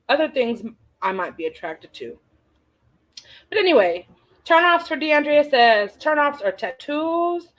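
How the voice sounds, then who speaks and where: A woman chats slowly with her livestream viewers, her fairly high voice swinging up and down with lively expression. She reads their comments aloud and answers each with playful asides and exclamations. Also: poor audio. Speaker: livestream host reading viewer chat. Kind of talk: casual chat.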